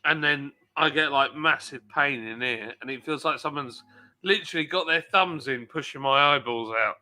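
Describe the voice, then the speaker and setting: A man from England chatting casually on a live stream, telling animated stories and laughing a lot. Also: on the high side, normal speed. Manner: mimics other people's voices in anecdotes.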